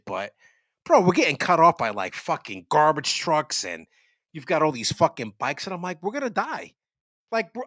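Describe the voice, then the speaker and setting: On a dry recording, a fairly high-pitched man co-hosts a podcast in casual conversation. He tells sprawling stories energetically, swearing freely throughout.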